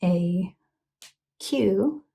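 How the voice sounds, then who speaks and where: A woman's voice: medium pitch, animated, drawn-out words, vocal fry, dark tone. A woman giving a casual, earnest tarot reading to a phone camera, talking in a chatty way with frequent ums and a checking "okay?". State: emotional, close to tears. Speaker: tarot reader.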